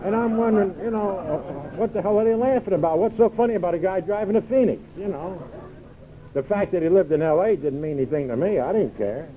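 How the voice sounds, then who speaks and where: A man's voice: sits high, brisk. Older man with a wry storytelling style. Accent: American. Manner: wry, self-mocking storyteller, acts out dialogue. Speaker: AA speaker. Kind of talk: storytelling talk at a recovery meeting. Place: large hall with live audience. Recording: dull lo-fi 1978 tape recording.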